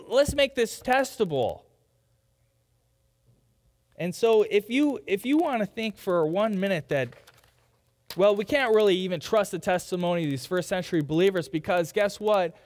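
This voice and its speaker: A man's voice: sits high, in a large hall. A man preaching a sermon as pastor, in a conversational way, sometimes mimicking doubters. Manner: conversational, quoting skeptics in mock voices. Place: church sanctuary.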